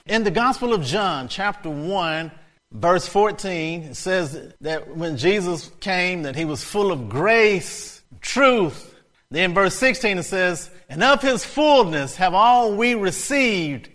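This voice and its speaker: A man preaching a sermon, repeating phrases in a chant that builds to shouting. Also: high voice, animated, slow.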